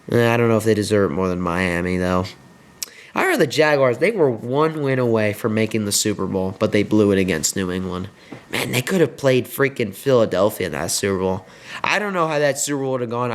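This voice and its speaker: A young man hosting his own sports video, rambling with many fillers through a frustrated post-game rant. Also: fairly low pitch. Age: young adult. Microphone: headset.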